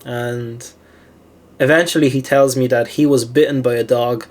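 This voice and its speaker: Male host, casual storyteller, mid pitch, filler-heavy chat with self-amused laughs. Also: steady tone, moderate pace. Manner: chatty, many "like" fillers, laughs at own stories. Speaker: philosophy channel host.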